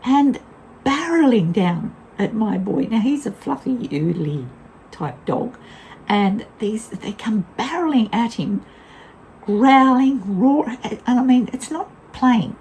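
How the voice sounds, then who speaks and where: An older woman speaks in a mellow, warm tone and rambles through a casual story. Her pitch swings widely as she talks. She is blunt and candid and laughs easily, with a faint hiss behind her. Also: animated, slow pace, poor audio. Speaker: vlogger.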